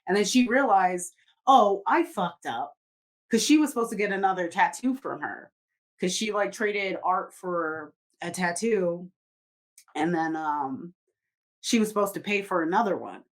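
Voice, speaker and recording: A woman's voice: fairly low pitch, moderate pace. A woman co-hosting a podcast, telling a story in casual chat, rambling with lots of fillers and swearing freely. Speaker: podcast co-host.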